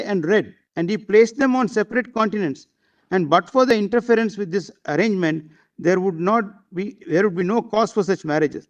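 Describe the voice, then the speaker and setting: A man arguing a case before a bench of judges, deferential and hesitant, constantly saying "my lord". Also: sits high. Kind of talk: courtroom argument.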